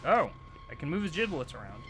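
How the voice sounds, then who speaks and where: A man giving chatty, excitable live commentary while streaming a video game, swearing casually. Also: a little high, brisk, music in the background.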